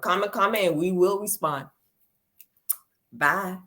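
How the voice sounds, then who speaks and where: A woman's voice: mid-range voice, lively intonation, moderate pace, a bit bright. A woman co-hosting a casual gossip chat, blunt and scoffing in her takes. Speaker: co-host.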